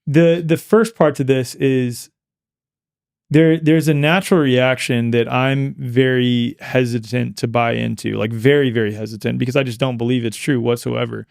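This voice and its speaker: A man's voice: mid-range voice, fairly even intonation, moderate pace, vocal fry, darkish tone, no echo, studio quality. A man hosting a podcast, asking questions in a hesitant way with many restarts. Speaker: podcast host. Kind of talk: conversational interview.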